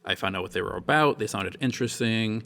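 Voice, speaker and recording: Chatty man with a gravelly voice. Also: on the low side, fast, sharp tone. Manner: chatty, laughs often, many restarts. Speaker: podcast host. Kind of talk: casual book-club podcast chat.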